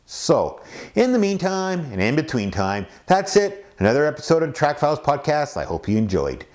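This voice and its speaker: A male podcast host whose voice sits a little high for a man and swings widely up and down. He reads his segments in an upbeat, playful announcer style. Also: very animated, normal speed, a little mellow. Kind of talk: scripted podcast narration.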